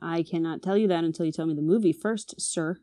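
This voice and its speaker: Young woman, excitable game contestant, dry close sound. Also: lowish voice, a little fast, dry recording. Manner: excitable, giggly, swears under breath. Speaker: quiz contestant. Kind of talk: casual chat.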